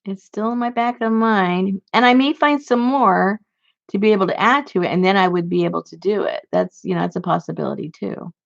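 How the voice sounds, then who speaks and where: A woman's voice: mid-range voice, brisk, vocal fry. A woman hosting a casual crafting chat for her viewers, rambling and chatty with lots of fillers and restarts. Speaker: crafting channel host. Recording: dull lo-fi sound.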